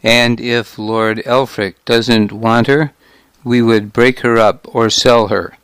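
A man's voice: mid-range voice, fairly even intonation, slow pace, a bit bright, clear, resonant tone, no echo. A man voicing a defiant, sneering male informant in an audiobook, speaking in short, scornful lines. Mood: matter-of-fact. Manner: curt, scornful.

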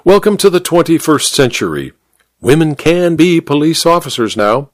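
A man's voice: on the high side, sing-song, normal speed, no echo, studio quality, pitched above the performer's own voice. A man voicing a woman detective inspector, polite but assertive and dryly amused.

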